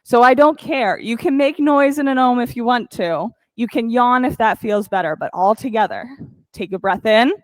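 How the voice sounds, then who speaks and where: A woman teaching a yoga class, calmly counting breaths and cueing poses with encouragement. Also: a little high, moderate pace, no echo, rough recording. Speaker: yoga instructor. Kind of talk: guided yoga class cues.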